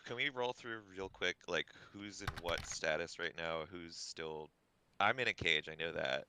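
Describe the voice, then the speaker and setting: A man's voice: low voice, normal speed, background noise. A man playing in a tabletop game, easygoing and asking rambling questions. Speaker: player. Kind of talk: casual tabletop play.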